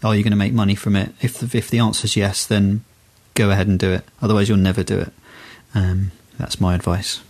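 A man's voice: lowish voice, level tone, fairly quick, few pauses, darkish tone. A man co-hosting a podcast, chatting casually and rambling with lots of restarts and fillers. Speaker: podcast co-host. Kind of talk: casual chat.

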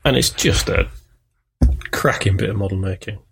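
A man's voice: lowish voice, normal speed, vocal fry, fairly bright tone, a little hiss or hum. A man co-hosting a podcast, chatting casually and enthusiastically, often saying "kind of". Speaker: podcast co-host. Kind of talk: casual chat.

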